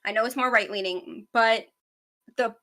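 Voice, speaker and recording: A woman in her twenties hosting a podcast, chatting about the news in a fast, rambling way. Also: on the high side, bright, forceful tone. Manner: fast, rambling, self-aware talker. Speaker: podcast host. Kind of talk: casual news chat.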